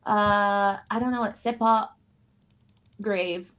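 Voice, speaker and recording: A woman's voice: mid-range voice, steady tone, takes it slowly, fairly bright tone. Rambling, self-mocking woman streamer. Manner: rambling, self-deprecating, jokey. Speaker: streamer co-host. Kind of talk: casual stream chat about a card game.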